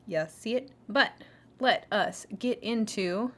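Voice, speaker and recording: A woman's voice: on the high side, slow pace, a bit bright. Rambling, giggly young woman streamer. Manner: rambling, giggly, many restarts. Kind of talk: casual chat.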